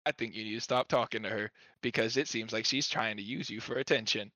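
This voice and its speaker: A man's voice: lowish voice, fairly even intonation, fast, bright, forceful tone, dry recording, voice pushed down. A young man quoting his mother in a firm, dry, sarcastic tone. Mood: stern. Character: stern, sarcastic middle-aged mother.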